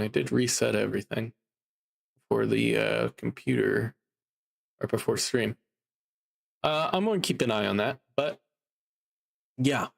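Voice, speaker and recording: A man streaming live and chatting casually, drowsy and a bit down, rambling slowly with lots of fillers. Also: medium pitch, vocal fry. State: sleepy and low in mood.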